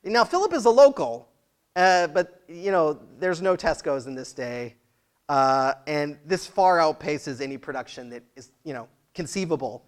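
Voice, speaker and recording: A pastor giving a sermon in church, chatty and conversational, laughing often and asking the congregation questions. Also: male voice, on the high side, animated, normal speed.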